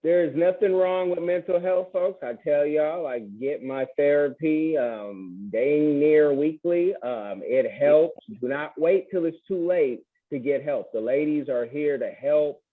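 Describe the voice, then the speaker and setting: This man hosts a podcast interview in a loose, joking way and throws folksy asides to the audience. His voice sits on the higher side for a man. It comes through a narrow, telephone-like line. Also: a little slow, hardly any pauses. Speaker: podcast host. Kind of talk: casual interview chat. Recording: tinny phone-like line.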